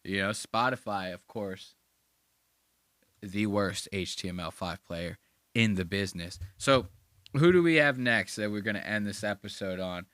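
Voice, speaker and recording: Male podcast host, bright and forceful tone on a dry close mic, excitable slangy delivery. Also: lowish voice, measured pace, clear, resonant tone, no room sound. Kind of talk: casual commentary.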